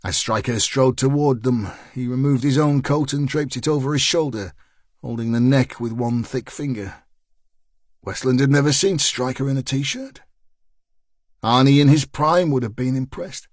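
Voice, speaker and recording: Guy reading a crime audiobook, wry measured storytelling, dry close sound. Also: medium pitch, no echo. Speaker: audiobook narrator. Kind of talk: scripted narration.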